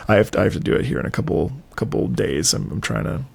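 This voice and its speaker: A man's voice: fairly low pitch, animated, fast, vocal fry, a little mellow, slight background noise. A man hosting an interview, eager and chatty, asking long rambling questions. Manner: enthusiastic, asks rambling questions. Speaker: interviewer host. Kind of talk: casual interview chat.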